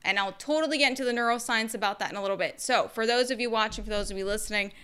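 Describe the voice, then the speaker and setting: Bright-voiced candid woman podcaster. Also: on the high side, racing, clear, resonant tone. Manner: candid and expressive, slangy. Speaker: podcast host and therapist. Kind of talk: casual podcast monologue.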